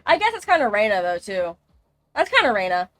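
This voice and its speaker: A woman's voice: mid-range voice, big pitch swings, a little fast, fairly bright tone, no room sound. Chatty woman streamer, dry close sound. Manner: rambling, chatty, swears freely. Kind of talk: casual gaming livestream chat.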